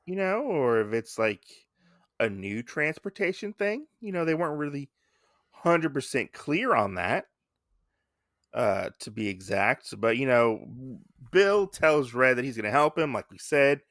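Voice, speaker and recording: A man's voice: mid-range voice, sing-song, measured pace, a bit bright, no echo, studio quality. A man co-hosting a casual podcast, chatting in a rambling way with many fillers. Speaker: podcast co-host. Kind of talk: casual chat.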